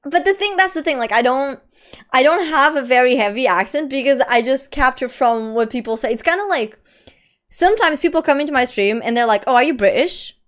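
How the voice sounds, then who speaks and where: A woman's voice: high voice, animated, a little fast. A young woman from Lisbon with a light Portuguese accent, a streamer chatting casually with her viewers. She laughs often and swears casually. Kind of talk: casual live-stream chat.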